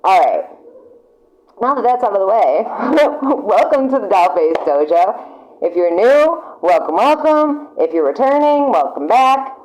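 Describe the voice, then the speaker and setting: A woman talks straight into her camera mic as she gives a tarot reading. She is excitable and chatty, laughs often, and swears without a second thought. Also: medium pitch, a little slow, rough recording. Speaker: tarot reader.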